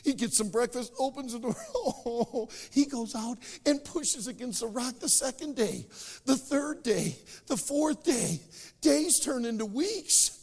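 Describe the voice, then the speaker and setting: A man preaching a sermon, telling stories in an animated way. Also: extremely high pitch, takes it slowly, vocal fry, husky, big-room sound. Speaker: pastor.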